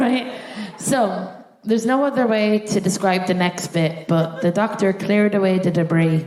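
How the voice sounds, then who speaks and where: A woman's voice: medium pitch, moderate pace, hardly any pauses, noisy background. An Irish woman performing a live stand-up set on a theatre stage, telling a story with acted-out voices. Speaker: stand-up comedian. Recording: roomy live theatre sound.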